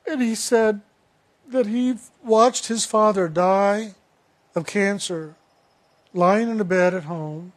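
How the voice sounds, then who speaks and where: A man giving a sermon, telling a story in a slow, reflective way with retold dialogue. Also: high voice.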